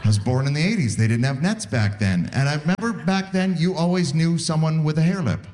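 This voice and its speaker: Animated man doing stand-up. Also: brisk. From Canada. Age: 40s. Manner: chatty, self-deprecating storytelling with sudden pitch jumps. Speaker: stand-up comedian. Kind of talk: stand-up comedy set. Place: comedy club stage.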